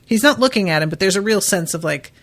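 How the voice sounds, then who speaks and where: A woman's voice: mid-range voice, animated, fast, fairly bright tone. A woman hosting a podcast, recapping a book in a loose, chatty way with lots of fillers and casual swearing. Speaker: podcast host.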